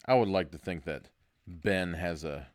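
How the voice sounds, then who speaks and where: A man's voice: low-pitched, a little slow, dry recording, studio quality. A man hosting a podcast, reading a gamebook aloud for laughs and ad-libbing jokes. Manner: jokey, ad-libs and laughs at his own lines; drops to a hushed spooky murmur. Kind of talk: comedic storybook reading.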